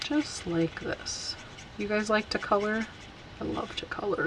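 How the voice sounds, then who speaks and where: A woman teaching a casual stamping tutorial, chatty and unhurried as she talks while working. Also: medium pitch, noisy background. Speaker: card-making instructor.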